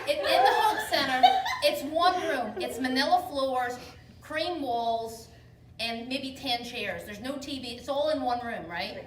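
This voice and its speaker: Woman workshop speaker, comic and foul-mouthed storyteller, bright high voice that swings widely, picked up from across an echoey room. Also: moderate pace, very noisy. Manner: profane, laughing, animated storyteller. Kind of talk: comedic personal storytelling. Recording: echoey room, distant mic, background ambience.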